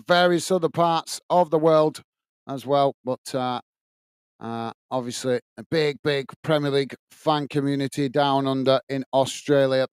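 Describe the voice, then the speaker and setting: A friendly man hosts a live football watch-along, chatting casually and greeting viewers by name. His voice sits a little high and comes across smooth and resonant. The sound is dry and close, with no room echo. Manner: chatty, friendly, calls viewers mate and guys. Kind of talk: casual live commentary and chat.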